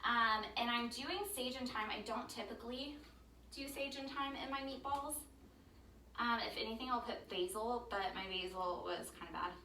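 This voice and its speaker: Cooking at home for her vlog, a woman with a slightly high, pushed, bright voice talks at a normal speed, rambling chattily with frequent ums and cooing baby talk at her dog. The mic sits some distance away in a roomy kitchen, picking up faint background noise.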